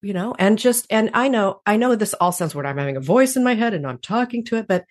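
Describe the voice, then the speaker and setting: A woman's voice: medium pitch, animated, fast talker. A woman guest in an interview, speaking reflectively and laughing often. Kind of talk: conversational interview.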